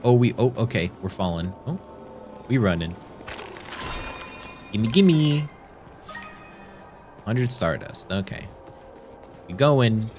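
A man's voice: lowish voice, lively intonation, slow pace, long pauses, a little mellow. A man streaming a video game, chatting playfully and reading the game's lines aloud. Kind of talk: let's play commentary. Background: game music.

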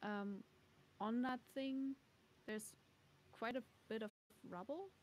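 A woman runs a tabletop game at a slow, unhurried pace, her voice sitting a touch high. She hedges with fillers as she describes the scene. A faint ambient hum hangs behind her. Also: darkish tone. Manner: hesitant, filler-heavy, laughs often. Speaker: game master. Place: home streaming setup.

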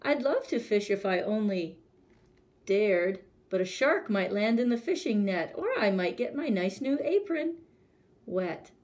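A woman voicing a timid, trembling male cook who wails in a shrill, panicky voice. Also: lively intonation, measured pace, a little mellow, lightly acted. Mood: scared.

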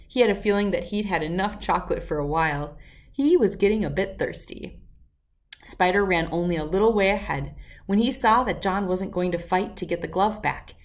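A woman's voice: medium pitch, recorded from a distance. Woman reading a children's book aloud. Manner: expressive, clear storytelling.

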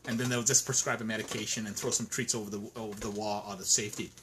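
A man's voice: lowish voice, little pitch movement, fast talker, noisy background. A man, a dog trainer, talking in an interview, frustrated and indignant, with frequent restarts and repeated words. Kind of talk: emphatic interview talk.

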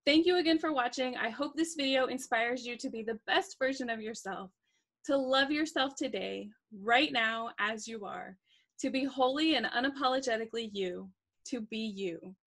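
A woman with a high voice hosts a video channel and delivers a scripted outro. Her tone is earnest and encouraging. The read is clean and direct. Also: normal speed, a bit bright. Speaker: channel host.

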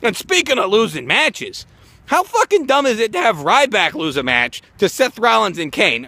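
A man's voice: high voice, sing-song, normal speed, creaky, pushed and bright, no echo. A man ranting profanely outdoors in the snow, reacting to a wrestling show in a heated vlog. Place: outdoors in snowfall.

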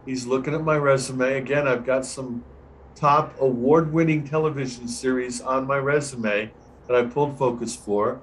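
An older man, a veteran camera assistant, telling a relaxed anecdote as a guest on a video-call Q&A and acting out the dialogue. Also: medium pitch, normal speed, a little hiss or hum, rough recording. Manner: relaxed anecdotal storyteller, acts out quoted dialogue. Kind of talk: storytelling in an online Q&A.

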